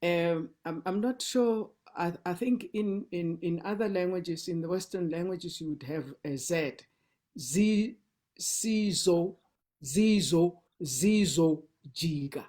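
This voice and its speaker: A woman's voice: lowish voice, moderate pace, few pauses, mellow. A South African woman leading a sing-along, teaching a song's words and pronunciation patiently, repeating syllables and restarting as she explains. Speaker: song leader. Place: indoors, online sing-along session.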